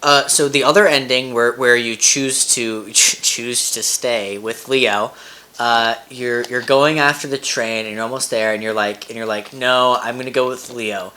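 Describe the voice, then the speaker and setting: Podcast co-host, bright sharp voice, middle pitch, casual chat, blunt, excitable storytelling. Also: measured pace. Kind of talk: casual chat recapping a game.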